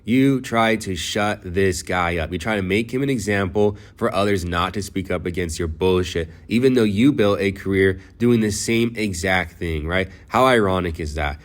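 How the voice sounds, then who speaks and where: A man's voice: low voice, normal speed, few pauses. A man doing reaction commentary, mocking and sarcastic with crude jokes. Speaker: commentary YouTuber.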